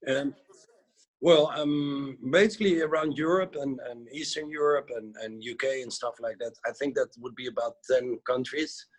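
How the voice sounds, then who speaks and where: A man's voice: mid-range voice, moderate pace. A man from the Netherlands with a Dutch accent, a guest instructor in a casual video call interview, talking in a chatty, hesitant way. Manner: chatty, hesitant, with lots of "you know, like" fillers.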